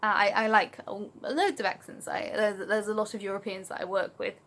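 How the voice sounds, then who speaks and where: A woman's voice: mid-range voice, steady tone, a little fast, fairly bright tone. A young English woman from Oxfordshire, rambling through a casual Q&A vlog with lots of ums, recorded on a phone. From Oxfordshire, England. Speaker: vlogger.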